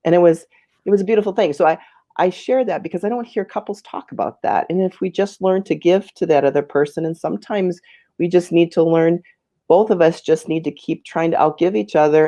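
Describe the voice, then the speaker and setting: A woman's voice: sits low, a little fast, gravelly, mellow, no room sound. A woman in her fifties telling a personal story as an interview guest, earnest and emotional, often repeating her words.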